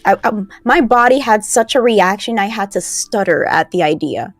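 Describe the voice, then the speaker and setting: In a dry recording with faint music behind, an animated woman with a medium-pitched voice speaks at a moderate pace. As a livestream co-host she reads out horoscope and history bits in a chatty, playful way, her neutral American accent showing a slight Southern edge from a Florida upbringing after a New Jersey birth.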